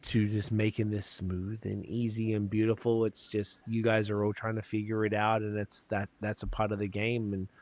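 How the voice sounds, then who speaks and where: A man's voice: on the low side, little pitch movement, normal speed, hardly any pauses, a little mellow. A man hosting a podcast, chatting casually and rambling with swearing and fillers. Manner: loose and profane, rambling with lots of fillers. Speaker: podcast host.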